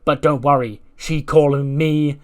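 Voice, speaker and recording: A man's voice: fairly high pitch, fairly even intonation, a little slow, darkish tone, natural voice. An eager young woman wrestler with a chirpy, stammering delivery tumbles over her words, put on by a man. She sounds sunny and a little scatterbrained.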